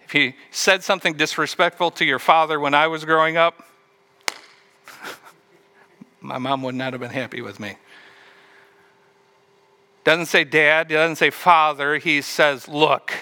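Bright-voiced male preacher telling a story. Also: fairly high pitch, unhurried, pauses often. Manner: storytelling, asks the listeners questions. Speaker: pastor. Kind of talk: sermon.

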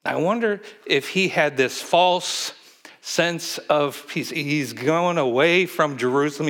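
Speaking in a bright, higher-pitched voice, this pastor keeps his sermon conversational. He poses questions to the congregation, acts out quotations, and often stops and restarts, filling gaps with fillers.

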